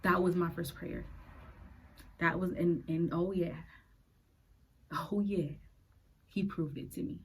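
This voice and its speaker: A woman in her late twenties hosting a podcast. She tells her personal faith story in an earnest, halting way and is close to tears. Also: lowish voice, fairly even intonation, a little hiss or hum, poor audio. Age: late 20s. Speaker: podcast host.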